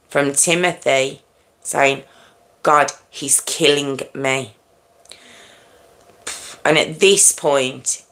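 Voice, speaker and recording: Low, slow-talking woman telling true crime. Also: fairly bright tone. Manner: conversational, halting, with frequent restarts and check-ins with listeners. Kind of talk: casual true crime storytelling on a livestream.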